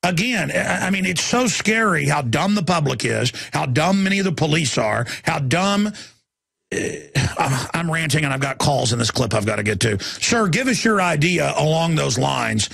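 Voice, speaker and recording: A man's voice: fairly high pitch, lively intonation, moderate pace, gravelly, fairly bright tone, slightly rough, dry recording, clean studio sound. A man from Texas, hosting a talk radio show and ranting in a heated, rambling way, often repeating words as he restarts.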